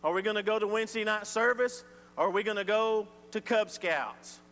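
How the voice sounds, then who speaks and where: A man preaching a sermon, swinging from loud emphatic lines to quiet ones. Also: sits high, normal speed. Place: church sanctuary. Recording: reverberant church hall with faint hum.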